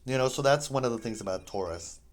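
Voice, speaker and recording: A man's voice: medium pitch, expressive, fast, low-quality recording. A man casually chatting while playing a game, rambling between topics with jokey, apologetic asides. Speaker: gaming video host.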